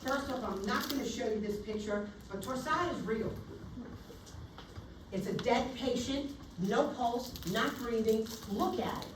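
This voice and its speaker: Woman, nursing instructor, animated and theatrical, roomy classroom recording, distant mic. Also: a little high, a little slow, noisy background. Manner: animated, theatrical, acts out scenarios. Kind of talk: classroom lecture. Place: lecture room. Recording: echoey room, recorded from afar.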